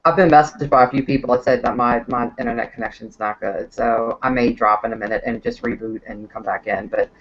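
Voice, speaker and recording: A man hosts a casual podcast in a relaxed way, reading out listener questions. His voice sits at a middle pitch and comes through muffled, lo-fi online call audio. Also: brisk, few pauses. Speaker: podcast host. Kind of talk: casual chat.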